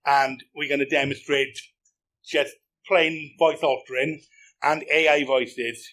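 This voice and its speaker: A man's voice: a little high, fairly bright tone. Chatty man giving a conference talk. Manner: chatty, joking, self-deprecating. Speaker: conference speaker. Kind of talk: conference talk with live demo. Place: conference hall.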